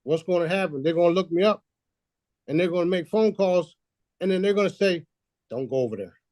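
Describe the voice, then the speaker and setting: A man's voice: high-pitched, steady tone, brisk, a little mellow, no room sound. Boastful preachy man, dry close sound. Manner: boastful, preachy, swears freely; laughs at his own lines. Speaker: host. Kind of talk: casual conspiracy talk.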